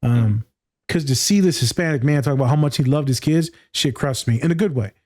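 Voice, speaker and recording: Guy hosting a podcast, warm mellow voice, gets emotional, cusses a lot. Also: medium pitch, a little fast. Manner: emotional, animated, swears freely. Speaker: podcast host. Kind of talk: casual conversation.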